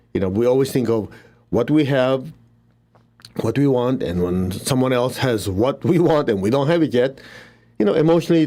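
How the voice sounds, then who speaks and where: A man's voice: medium pitch, warm tone. A middle-aged man teaching a spiritual healing session in a casual, chatty way, laughing often and making blunt asides. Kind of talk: casual spoken teaching with invocation.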